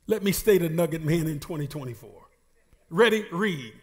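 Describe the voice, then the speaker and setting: A man preaching a sermon as pastor, shouting and half singing his lines with playful asides to the congregation. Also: on the high side, brisk.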